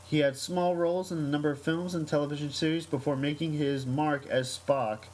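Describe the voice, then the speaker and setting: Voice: medium pitch, fairly even intonation, brisk, a little mellow, poor audio. A podcast host with a mid-range voice reads a news item aloud, stumbling over ums and uhs, then slips into a loose, chatty story. The delivery is casual and unpolished, with a faint hum of noise behind it. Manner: hesitant, many ums and uhs.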